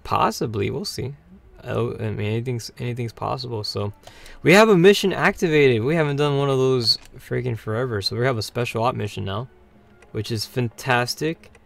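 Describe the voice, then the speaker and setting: A man hosting a weekly gaming livestream, sleepy and yawning, rambling between bursts of excitement. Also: mid-range voice, moderate pace, vocal fry. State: tired, yawning. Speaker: livestream host. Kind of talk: gameplay livestream commentary.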